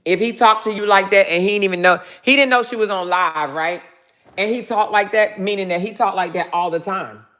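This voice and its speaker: A woman hosting a casual livestream, commenting in an animated, salty way and laughing often as she talks to her viewers. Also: mid-range voice. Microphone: phone.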